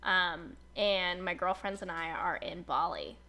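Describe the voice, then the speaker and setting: A woman's voice: fairly low pitch, a little slow. A woman in her twenties telling a personal story in casual chat, full of "like" fillers, acting out the voices of people she quotes. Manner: chatty, fillers like "like", animated retelling with quoted voices.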